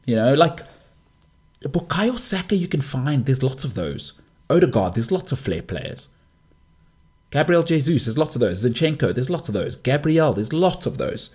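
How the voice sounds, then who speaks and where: Husky, opinionated man in his thirties. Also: medium pitch, normal speed. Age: 30s. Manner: opinionated, emphatic, lively delivery. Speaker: sports podcast host. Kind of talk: casual monologue.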